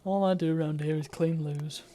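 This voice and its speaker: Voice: mid-range voice, steady tone, moderate pace, mellow. A streamer giving chatty live gameplay commentary, thinking aloud and breaking into playful cheers.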